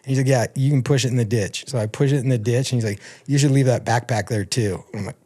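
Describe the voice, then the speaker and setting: A man talking casually as a podcast guest, animated and loose, peppering his story with swearing. He jumps up into a higher, louder voice whenever he quotes someone. His pitch sits in an ordinary middle range. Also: quick pace. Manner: animated, profane, acts out quotes in a raised voice.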